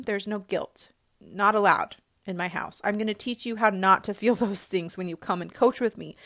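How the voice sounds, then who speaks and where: A woman's voice: mid-range voice, no echo, studio quality. A woman coach speaking in a conversational, encouraging coaching monologue, with frequent casual fillers.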